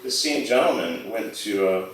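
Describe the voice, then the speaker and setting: A man's voice: lowish voice, lively intonation, normal speed. A man doing a rambling, self-deprecating open-mic stand-up set, slipping into quoted voices. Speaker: stand-up comic. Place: small bar stage. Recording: roomy bar audio from a distant mic.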